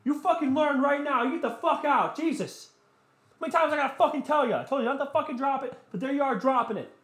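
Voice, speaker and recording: A man's voice: very high voice, fast, a bit bright, reverberant, pitched above the performer's own voice. A man voicing a furious parent who screams profanities at a small child. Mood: enraged.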